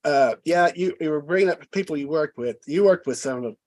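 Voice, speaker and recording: A man's voice: a little high, brisk, a little mellow. A man hosting a casual interview, eagerly praising and prompting his guest like a fan. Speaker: host.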